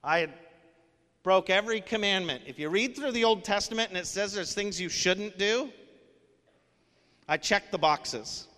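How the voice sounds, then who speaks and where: A man's voice: high-pitched, moderate pace, pauses often, pushed and bright. A male pastor preaching a sermon in an earnest, conversational way, with casual fillers. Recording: long hall reverb.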